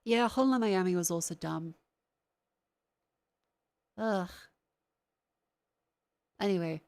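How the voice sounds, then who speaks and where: A woman's voice: on the low side, slow, a little mellow. A young adult woman, ranting to her stream chat in a heated, sarcastic way, swearing often and sounding congested from a sinus infection.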